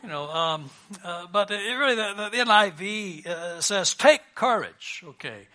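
Pastor, male; high, forceful voice; casual joking sermon delivery. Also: moderate pace. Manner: conversational and lightly joking, with frequent restarts.

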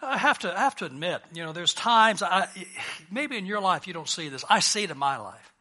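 Pastor, male; high, forceful voice; casual joking sermon delivery. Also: animated, brisk. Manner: conversational and lightly joking, with frequent restarts.

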